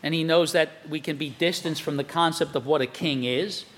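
Bright-voiced man preaching in a hall. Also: on the high side, brisk. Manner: conversational, rhetorical questions, quotes scripture. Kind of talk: sermon. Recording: long hall reverb.

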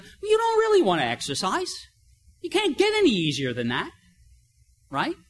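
Lively older male pastor preaching conversationally. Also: high voice. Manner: conversational preaching with stories and rhetorical questions. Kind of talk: sermon.

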